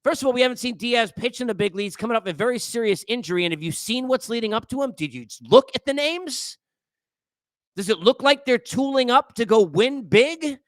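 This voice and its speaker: A man's voice: very high voice, lively intonation, a little fast, a bit bright, no room sound. A male sports talk host ranting alone about baseball, exasperated and lecturing, repeating himself for emphasis. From New York area. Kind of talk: solo sports rant.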